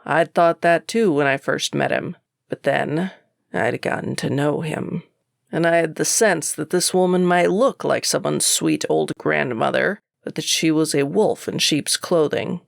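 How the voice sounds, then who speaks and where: A woman narrating a first-person audiobook in a sardonic, even storytelling manner. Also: sits low, vocal fry, no echo, studio quality.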